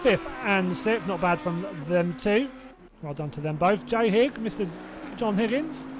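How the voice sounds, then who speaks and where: An animated, high voice at a measured pace comes through over background noise. He's a Hertfordshire man with a southern English accent calling a sim race live, chatting and rambling with viewers between calls, doubting himself aloud and laughing to himself.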